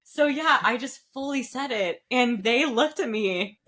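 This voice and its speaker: A woman co-hosting a casual podcast, playful and giggly, rattling off stories quickly. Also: a little high, lively intonation, fairly bright tone. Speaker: podcast co-host and choir teacher.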